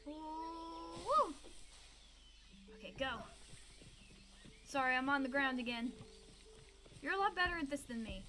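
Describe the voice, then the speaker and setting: Bubbly high-voiced woman gaming. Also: lively intonation, slow, pauses often, noisy background. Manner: bubbly, exclaims and squeals often. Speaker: gaming video host. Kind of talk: playful gameplay commentary. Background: game music.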